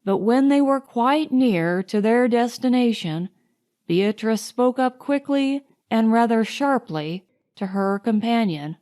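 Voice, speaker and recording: A woman narrating an audiobook, reading in a measured, unhurried way. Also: a little high, expressive, warm tone. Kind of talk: scripted narration.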